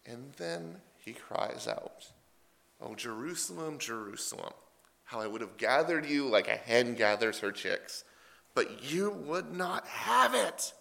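A male preacher delivering a sermon with a gravelly, crackling edge. His tone is bright and forward. He retells scripture in loose, everyday paraphrase, with plenty of animation. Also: medium pitch, very animated, slow.

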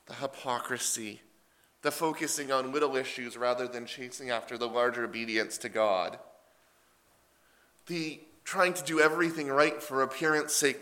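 A man preaching a sermon, retelling scripture in a casual, animated paraphrase. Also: medium pitch.

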